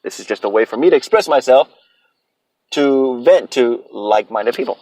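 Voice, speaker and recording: A man's voice: medium pitch, animated, moderate pace, mellow, dry recording, poor audio. A man in his thirties hosting a solo podcast, ranting bluntly and profanely about his opinions. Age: 30s. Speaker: podcast host.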